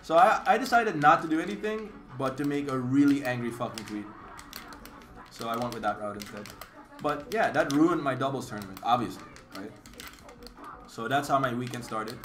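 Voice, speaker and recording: A young man vents to his stream in a casual, exasperated rant. He swears freely and slips into quick impressions of the people involved. Faint music and keyboard clatter sit in the background. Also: mid-range voice. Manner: animated and exasperated, swears freely, mimics others in dialogue. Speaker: competitive gamer streamer.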